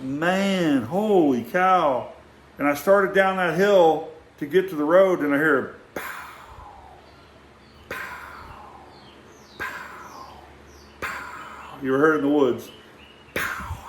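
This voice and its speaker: An older man with a drawl tells a long personal anecdote, animated and acting out the sounds. He often starts a sentence over. His voice sits a little high and rings in a roomy, echoing space. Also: a little hiss or hum. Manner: animated, acts out sounds, many restarts. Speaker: storyteller.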